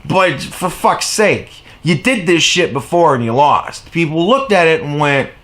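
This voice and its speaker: Sarcastic, profane man ranting high. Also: expressive, a little slow. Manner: heavy profanity, sarcastic and mocking; exasperated, shifts between shouting highs and low mutters. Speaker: commentary vlogger. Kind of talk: angry political rant.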